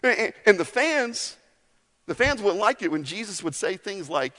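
A man's voice: sits high, big pitch swings, normal speed, bright, forceful tone. A man preaching a sermon to his congregation in a casual, conversational way, acting out little asides as he goes. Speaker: pastor. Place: large church hall. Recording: long hall reverb.

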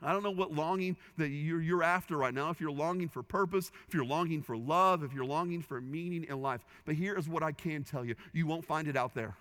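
A man delivers a sermon in a big reverberant hall, his voice a little high for a man. He tells stories earnestly, rising and falling in intensity as he quotes others. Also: fairly quick, few pauses, fairly bright tone. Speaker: pastor.

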